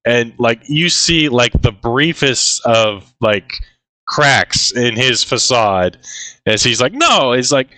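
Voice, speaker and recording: A man's voice: mid-range voice, slow pace, pushed and bright, no echo, poor audio. A man co-hosting a casual film discussion, recapping scenes in a laid-back way with frequent fillers and quoted lines. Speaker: podcast co-host.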